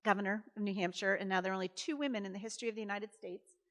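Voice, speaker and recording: A woman in her fifties, a former governor, telling stories in a chatty, animated way on stage, full of fillers and acted-out quotes. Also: mid-range voice, racing. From Massachusetts. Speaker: guest speaker, former governor. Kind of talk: conversational storytelling on stage. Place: college event hall. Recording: reverberant hall.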